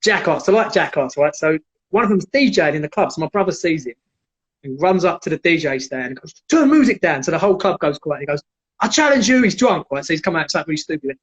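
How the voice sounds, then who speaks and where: High-voiced man telling stories. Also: fast, slightly rough. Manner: animated, acts out quotes in raised voice. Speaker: guest, former MMA fighter. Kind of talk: casual storytelling on a livestream. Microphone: video call. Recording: dull lo-fi livestream audio.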